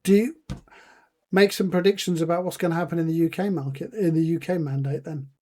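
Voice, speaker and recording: Measured man with a mellow voice. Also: a little high, steady tone. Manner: measured, informative, lays out facts with fillers. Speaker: podcast co-host. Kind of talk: casual chat.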